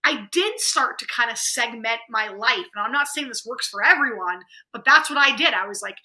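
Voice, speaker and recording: A woman speaking as a podcast guest, animated and conversational, acting out inner voices as she talks. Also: fairly high pitch, moderate pace, poor audio. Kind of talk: conversational interview.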